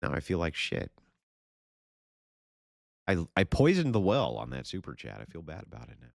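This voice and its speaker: A man's voice: sits low, wildly swooping pitch, moderate pace, creaky, no room sound, clean studio sound. A man hosting a livestream and reading super chats in a blunt, profane, sarcastic way. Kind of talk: casual livestream chat.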